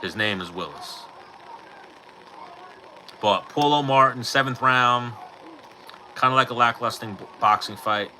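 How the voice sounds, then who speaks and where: A middle-aged man with a very bright, sharp voice chats casually on a livestream, spinning animated stories and swearing freely as he acts out the people in them. He talks into his own mic, with a faint hiss of noise underneath. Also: medium pitch, a little slow, long pauses, poor audio. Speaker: livestream host. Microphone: personal mic.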